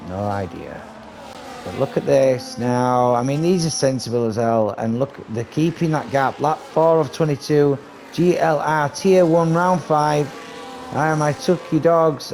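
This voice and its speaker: Excitable man commentating sim racing. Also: medium pitch, noisy background. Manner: excitable, chatty, swears casually. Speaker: race commentator.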